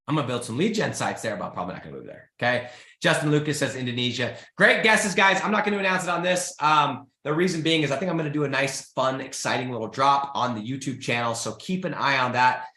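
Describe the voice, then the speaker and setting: A man's voice: fairly high pitch, quick pace, reverberant. A man hosting a live business show, talking casually and urging listeners to get started, often calling out "guys". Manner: energetic, pleading, says "guys" and "freaking" often. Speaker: host. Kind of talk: motivational live-stream talk.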